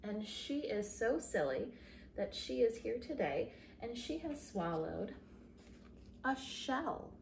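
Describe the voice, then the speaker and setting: A woman music teacher giving a recorded lesson to young children, with an animated sing-song delivery, big pitch leaps and slow, encouraging explanations. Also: vocal fry, slight background noise.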